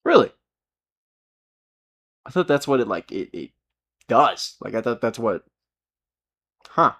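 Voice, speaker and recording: A man's voice: medium pitch, big pitch swings, slow pace, a bit bright. A man streaming live, talking casually in a rambling, profane rant full of restarts.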